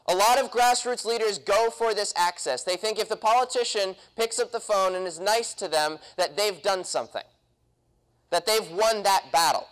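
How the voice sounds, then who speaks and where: A man's voice: high voice, a bit bright, poor audio. Young man giving a punchy convention talk. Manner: punchy, quizzes the audience, mimics politicians. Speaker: convention speaker. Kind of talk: political talk to a live audience. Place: convention hall.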